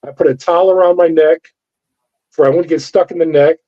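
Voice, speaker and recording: A middle-aged man, formerly a corrections officer, tells a story for an interview and animatedly voices the people in it. His voice is on the high side and fairly quick. Dull, lo-fi audio.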